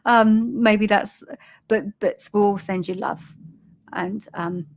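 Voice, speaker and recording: British lady medium on a live stream, gentle and chatty, loads of ums, middle pitch. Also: fairly even intonation, a little hiss or hum. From Britain. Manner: halting, full of ums and restarts, gentle and soothing. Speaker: spiritual medium giving live readings. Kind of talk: live-stream psychic reading, casual and chatty.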